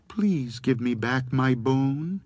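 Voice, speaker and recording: A man's voice: medium pitch, animated, takes it slowly, no echo, voice pushed up. A man voicing an unseen spirit from a graveyard that wants its bone back, pleading at first and then furious. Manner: plaintive, growing angry and loud.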